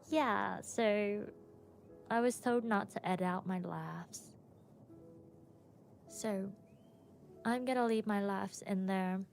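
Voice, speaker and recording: Woman, stream host, slow casual chat, frequent laughter, long pauses, faint music behind. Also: medium pitch, vocal fry, darkish tone.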